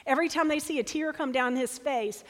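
A woman preaching a sermon, reading scripture aloud with dramatic, expressive delivery. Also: high-pitched, fairly quick. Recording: long hall reverb.

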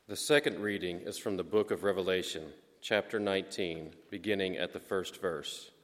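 A man reading scripture aloud in a church service, measured and solemn. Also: sits low, a bit bright. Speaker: lector. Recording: long reverb of a church hall.

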